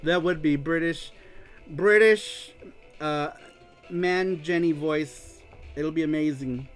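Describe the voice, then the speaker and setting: A man hosting a casual livestream show, excitedly reading viewer comments aloud and laughing often. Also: fairly high pitch, slow, soft background music. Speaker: show host.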